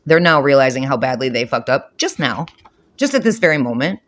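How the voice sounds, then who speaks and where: A man's voice: medium pitch, big pitch swings, brisk, a bit bright. A man giving a spiritual reading to camera, blunt and profane, with frequent repetition and emphatic outbursts. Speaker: tarot reader.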